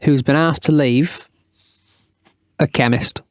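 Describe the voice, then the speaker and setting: A man's voice: medium pitch, fairly even intonation, takes it slowly, no room sound. A man hosting a casual podcast chat in a playful way, setting up comic challenges for his guests. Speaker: podcast host.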